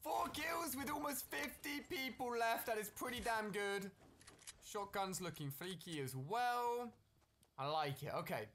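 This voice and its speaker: A man's voice: sits high, animated, measured pace, a bit bright, slight background noise. A man giving upbeat, chatty commentary over his own gameplay video and talking straight to his viewers. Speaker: gaming video creator.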